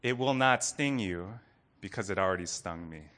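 A man voicing a calm father who quietly reassures his young son. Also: deep voice, moderate pace. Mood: tender.

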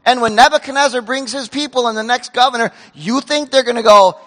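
A man preaching a sermon as pastor, animated, acting out dialogue and swinging between loud outbursts and hushed asides. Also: very high voice, brisk, few pauses, long reverb tail. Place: church sanctuary.

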